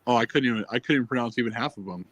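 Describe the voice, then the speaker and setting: A man in casual chat, easygoing and quick to agree. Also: medium pitch, fairly bright tone, poor audio. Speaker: co-host.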